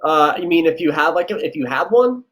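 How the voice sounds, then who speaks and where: A man with a fairly high voice gives casual advice in an interview as a casting director. He talks in a loose, conversational way, often slipping into quick back-and-forth exchanges as he tells stories. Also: poor audio. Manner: relaxed, chatty, acts out quoted exchanges.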